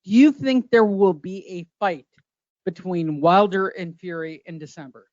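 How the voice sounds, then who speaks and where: A man's voice: high voice, animated, moderate pace, darkish tone, dry recording, dull audio. A man hosting a casual boxing podcast, brash and profane, ribbing his co-hosts. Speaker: podcast host.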